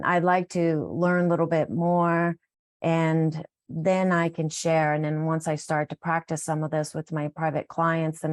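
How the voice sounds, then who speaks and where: A middle-aged woman, a wellness coach, telling a heartfelt, rambling story on a recorded live call, often restarting her sentences. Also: low-pitched.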